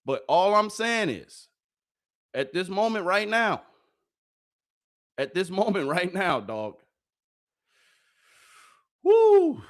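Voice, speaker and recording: A man hosting a live sports reaction stream, loud and excitable, often yelling and laughing into a close microphone. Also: medium pitch. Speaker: sports reaction livestream host. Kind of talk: hyped live commentary on football clips. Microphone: close microphone he yells into.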